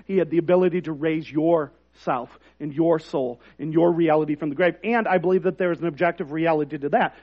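High-voiced male pastor preaching. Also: lo-fi sound. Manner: conversational, self-deprecating, rising to emphatic. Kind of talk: sermon.

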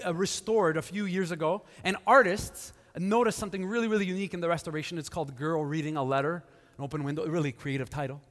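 A male pastor with a high-sitting, fairly bright voice delivers a casual sermon in a church sanctuary. His conversational preaching is full of fillers and restarts, and the live hall gives it a long reverb.

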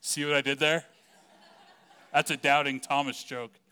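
Smooth-voiced joking young-sounding preacher man. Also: on the high side, flat delivery, unhurried, bright, forceful tone. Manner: casual and joking, many "like" fillers. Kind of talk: conversational sermon.

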